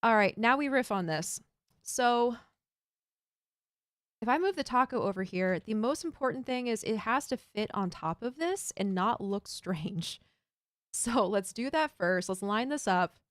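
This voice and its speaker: A woman's voice: a little high, animated, measured pace, no room sound, studio quality. A woman streaming a building game, chatting casually and thinking aloud while she builds and reads chat. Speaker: Minecraft streamer.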